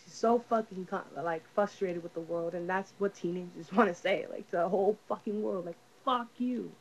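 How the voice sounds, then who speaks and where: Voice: mid-range voice, fairly even intonation, brisk, a little hiss or hum, poor audio. Rambling, profane movie reviewer. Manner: rambling, profane, lots of fillers. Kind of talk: casual spoken movie review.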